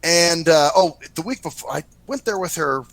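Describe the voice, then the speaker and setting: A man spins a bar-room story for a talk show, his slightly high voice rising and falling with a lot of life. He swears freely and slips into the voices of the people he quotes. The sound is dry and close, with no room around it. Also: normal speed, gravelly, dry recording, low-quality recording. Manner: profane, animated anecdote-telling, acts out quoted voices. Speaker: podcast host. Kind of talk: casual storytelling chat.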